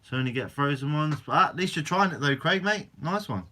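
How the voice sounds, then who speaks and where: Bright-voiced man chatting live. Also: a little high, animated, brisk. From Guernsey, Channel Islands. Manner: chatty, reads out viewer comments and answers them. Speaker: fishing channel host. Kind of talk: casual live-stream Q&A.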